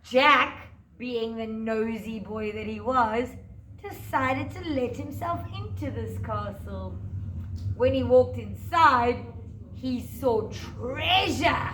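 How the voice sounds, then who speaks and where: A woman teaching small children, with a high, bright voice and a slow, sing-song delivery that stretches words out. She sounds like she is in an echoey classroom with faint noise behind her. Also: lively intonation. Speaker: preschool teacher. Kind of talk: storytelling and craft lesson for children.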